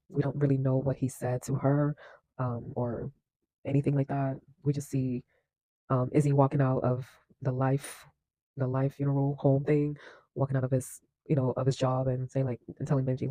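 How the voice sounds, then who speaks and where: A man with a mellow, warm voice talking through a movie scene by scene. He chats casually, laughing here and there and using lots of fillers. The sound is close and dry. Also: medium pitch, monotone, normal speed, dry recording, poor audio. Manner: chatty, leans on fillers, laughs often. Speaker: film reaction host. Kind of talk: casual movie recap and commentary.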